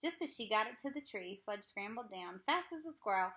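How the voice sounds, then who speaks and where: A woman reading a children's book aloud, with clear, unhurried storytelling. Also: mid-range voice, animated, pushed and bright. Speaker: reader.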